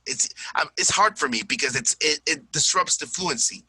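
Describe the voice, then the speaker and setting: A man's voice: a little high, animated, a little fast, few pauses, pushed and bright, husky, no echo, poor audio. A tired man teaching an English lesson, chatty and repeating examples aloud. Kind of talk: recorded classroom lesson.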